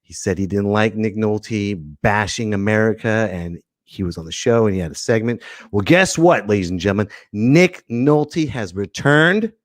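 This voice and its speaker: A man's voice: on the low side, animated, normal speed, no room sound, studio quality. A man hosting a comedy show, riffing sarcastically in a casual monologue.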